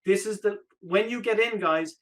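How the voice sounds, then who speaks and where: A man with a high voice pitches an online coaching offer on a live webinar. He is energetic and persuasive, circling back to the same points again and again, and his voice is a little hoarse. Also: moderate pace, low-quality recording. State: slightly hoarse.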